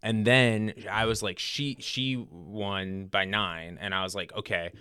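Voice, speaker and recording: A man co-hosting a podcast, chatting casually about politics in a rambling, animated way with many fillers and restarts. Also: fairly low pitch, slow, clear, resonant tone, no room sound, studio quality. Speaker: podcast co-host.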